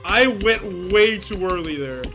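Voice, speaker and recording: A young man chatting loosely while he streams a game, rambling in slang and swearing freely. His voice sits high and bright, with soft music in the background. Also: expressive, a little slow. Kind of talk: casual livestream chat.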